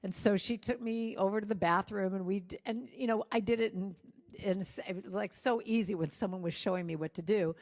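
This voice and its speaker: A woman's voice: medium pitch, brisk. Woman telling a funny personal story at church, laughing at herself, big echoey hall sound. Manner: lively, self-deprecating storytelling with laughs. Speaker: guest speaker and singer-songwriter. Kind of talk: personal storytelling talk to a congregation. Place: church sanctuary. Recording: long reverb of a church hall.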